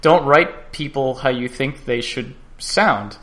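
A man hosts a podcast and talks casually at a plain middle pitch. He stumbles, repeats words and trails off before finding his point. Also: slow pace, a bit bright. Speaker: podcast co-host. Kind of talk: casual chat.

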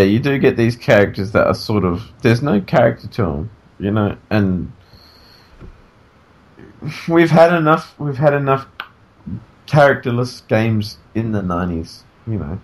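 Joking, animated male podcast host. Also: fairly low pitch, a little slow. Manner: animated, joking, trails off and restarts. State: sleepy, yawning. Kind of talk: casual podcast chat. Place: in bed at home.

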